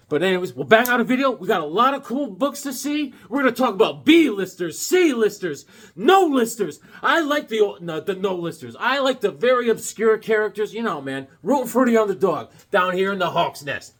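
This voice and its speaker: Husky, animated man joking about comics. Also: high voice, normal speed. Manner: jokey, animated, wisecracking. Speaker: comic book vlogger. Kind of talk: casual rambling chat to camera.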